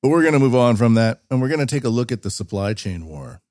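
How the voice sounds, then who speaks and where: A man's voice: mid-range voice, sing-song, fast talker, darkish tone, no echo, studio quality, soft background music. A man hosting a solo podcast, rambling through opinions in a casual, opinionated way and mimicking the people he meets. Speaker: podcast host. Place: lives and works in Japan.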